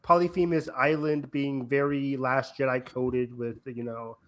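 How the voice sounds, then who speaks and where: A young man with a deep voice co-hosting a podcast, chatting casually in an excitable, joking, rambling way. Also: a little slow. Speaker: podcast co-host. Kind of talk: casual chat.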